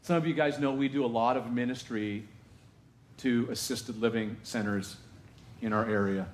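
A man preaching a sermon as pastor in a church, conversational and animated, firing off rhetorical questions to the congregation. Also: medium pitch, normal speed, echoey room. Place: church sanctuary.

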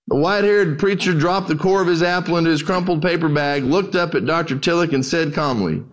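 A man's voice: on the high side, a little fast, few pauses. A man preaching as pastor, telling stories in a conversational way and addressing listeners as "guys.". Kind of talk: sermon storytelling.

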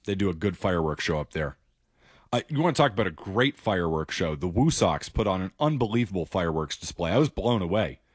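A man hosting call-in sports radio, opinionated and brisk as he takes calls. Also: deep voice, very animated, husky, no room sound, clean studio sound.

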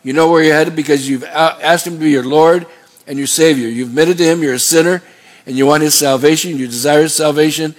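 A man preaching a sermon as pastor, reading scripture slowly and drifting into chatty asides. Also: fairly high pitch, steady tone. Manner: slow deliberate reading of scripture, then chatty digressions.

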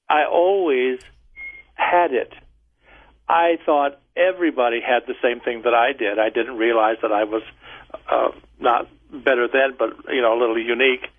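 A man in his seventies, a guest medium, talking and telling stories in a radio interview with a gentle laugh. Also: mid-range voice. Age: 70s. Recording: tinny phone line.

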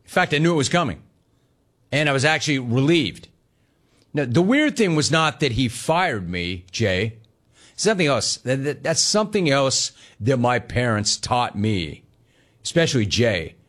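A man hosting a sports talk show, reading listener messages and telling stories in a jokey, animated, digressive way. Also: mid-range voice, measured pace.

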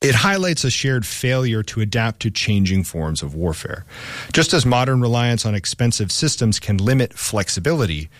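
A man's voice: medium pitch, very animated, normal speed, no room sound. A man co-hosting a history podcast, reading a script with casual asides. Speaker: podcast co-host.

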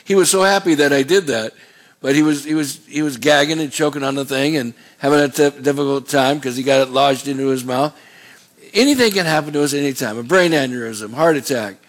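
A man's voice: mid-range voice, fairly quick. A male pastor preaching a sermon in a folksy, digressive and earnest way. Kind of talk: sermon with scripture reading.

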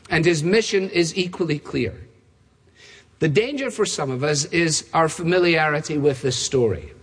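High-voiced preacher in a reverberant hall. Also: male voice, a bit bright, husky. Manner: emphatic, builds with repeated phrases. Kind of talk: sermon. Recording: long reverb of a large hall.

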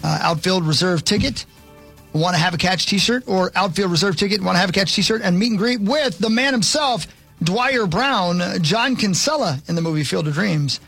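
A man's voice: high-pitched, animated, moderate pace, gravelly, fairly bright tone, husky, faint music behind. A man co-hosting a radio talk show, bantering and reading news and ad copy with a joking manner.

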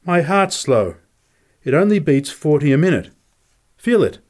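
A man voicing an excitable, punch-drunk little ex-prizefighter who talks in eager, insistent bursts. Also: on the high side, measured pace, pitched above the performer's own voice.

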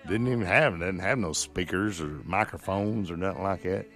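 A man's voice: deep voice, moderate pace, fairly bright tone. A male local radio host chatting in a folksy, rambling way, full of fillers and restarts. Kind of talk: casual local radio chat. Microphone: studio microphone.

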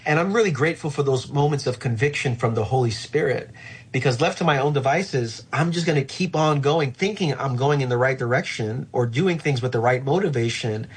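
Husky, earnest pastor, middle pitch. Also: male voice, fairly quick. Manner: reflective, earnest, frequent "uh" fillers. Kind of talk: conversational interview answer.

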